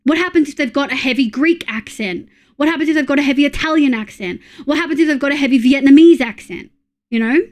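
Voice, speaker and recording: Aussie woman streamer, 30s, swears a lot, slightly high voice, just chatting with chat. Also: quick pace. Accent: Australian. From Australia. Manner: blunt and sweary, reading chat aloud. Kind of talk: casual live-stream chat.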